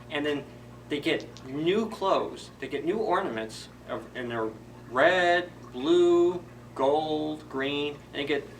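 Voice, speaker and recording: A man voicing a chatty, excitable sparrow in a storybook reading, telling a tale in an eager, gossipy way, recorded on a distant mic with faint hiss. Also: fairly high pitch.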